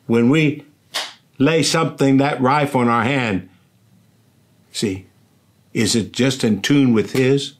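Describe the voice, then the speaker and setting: An older man preaching a sermon as pastor, slow and earnest, often asking "does that make sense". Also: medium pitch.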